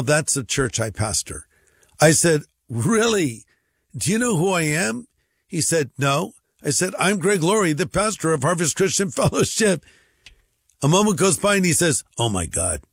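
A man's voice: fairly high pitch, slightly rough, no room sound. A male pastor telling a humorous story on a radio show and acting out both sides of the dialogue.

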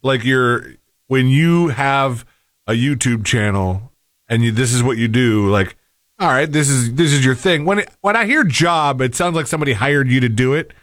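A man's voice: mid-range voice, animated, normal speed, a bit bright, dry recording, clean studio sound. Skeptical co-host man. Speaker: podcast co-host. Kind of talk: casual chat.

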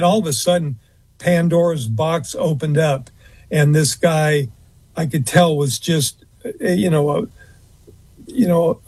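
A man's voice: on the high side, darkish tone, breathy edge, no echo. A man telling a long story as an interview guest, rambling a little with frequent fillers and restarts. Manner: rambling, fills pauses with uh and um, restarts. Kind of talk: anecdotal storytelling in conversation.

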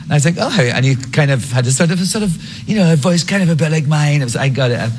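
A man telling a funny personal story as a guest, acting out quoted lines with halting restarts. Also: on the high side, lively intonation, a little hiss or hum. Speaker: interview guest. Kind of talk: anecdote storytelling.

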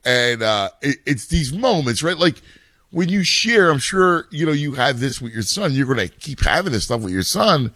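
A man's voice: medium pitch, sing-song, normal speed, sharp tone, no room sound. A middle-aged man, a youth baseball coach and parent, talking in casual chat, rambling with many restarts.

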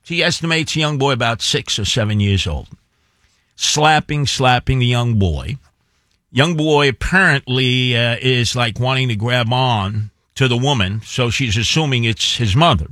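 A man's voice: medium pitch, moderate pace, few pauses, sharp tone, dry recording, studio quality. Man retelling a story emphatically. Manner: rambling, emphatic retelling with asides. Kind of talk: casual talk-show storytelling.

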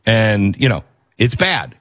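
A man hosting a commentary show, talking in a forceful, preachy, emphatic way. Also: fairly low pitch, huge pitch swings, slow, no room sound. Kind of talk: opinionated commentary.

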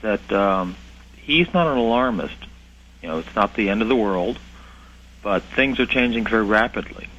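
A man's voice: on the low side, expressive, moderate pace, fairly bright tone. Man, radio caller, rambling, trailing off, muffled line, faint hiss. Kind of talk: phone-in chat.

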